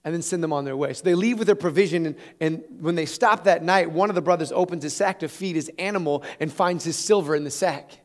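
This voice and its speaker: A man preaching a sermon, retelling a scripture story in an animated, conversational way with chuckles. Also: fairly high pitch, fast, few pauses. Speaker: pastor.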